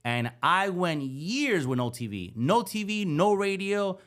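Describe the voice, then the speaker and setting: Animated storytelling man. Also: high voice, unhurried. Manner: animated, acts out the voices in his stories. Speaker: podcast guest. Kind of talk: storytelling in casual conversation.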